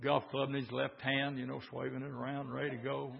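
A man preaching a sermon, building into shouted, hoarse bursts. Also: medium pitch, monotone, fairly quick. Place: church with congregation. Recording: lo-fi recording in an echoey church.

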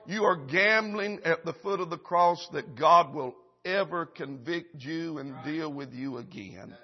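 A man preaching a revival sermon in a church service, swinging from loud urgent preaching to hushed, drawn-out lines. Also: high-pitched, muffled recording.

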